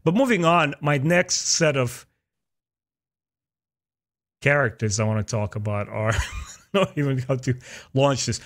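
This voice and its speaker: A man's voice: medium pitch, expressive, measured pace, long pauses, fairly bright tone. A man hosting a casual podcast chat, reflecting aloud and asking long, winding questions. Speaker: podcast host.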